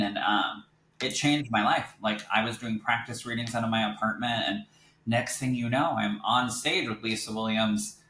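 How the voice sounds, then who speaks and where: Young male interview guest, bright and animated storyteller, quotes others in character; roomy recording. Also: lowish voice. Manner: animated, quotes others in lively voices, laughs easily. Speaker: psychic medium guest. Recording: echoey room with faint noise.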